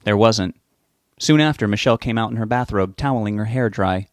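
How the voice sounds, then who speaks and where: A man narrating a novel as an audiobook reader, giving the characters' lines small lifts in pitch. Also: fairly quick, no echo, clean studio sound.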